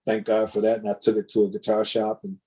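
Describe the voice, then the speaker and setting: A man, a drummer, telling animated, rambling stories over a video call, with lots of restarts. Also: lowish voice, fast talker. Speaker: guest drummer. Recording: choppy internet connection.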